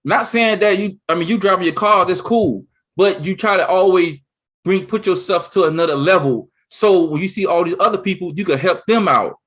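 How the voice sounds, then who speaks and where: A man co-hosting a casual chat, talking excitedly and rambling, with many restarts. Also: high voice, normal speed. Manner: excited, rambling, with lots of restarts and "you see what I'm saying". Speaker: co-host.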